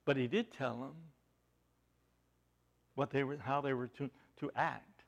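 A man preaching a sermon, asking rhetorical questions and swinging between loud emphasis and hushed asides. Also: mid-range voice, fairly even intonation, unhurried, vocal fry.

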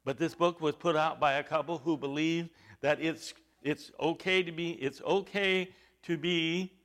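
A man preaching a sermon, halting with fillers at times and then rising to loud, stressed points. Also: on the high side, fairly even intonation.

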